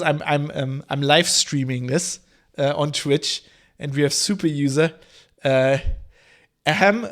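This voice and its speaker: Brief: thirties male podcast host, a touch high-pitched, discursive and explanatory in his solo monologue. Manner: discursive, explaining history in long winding asides.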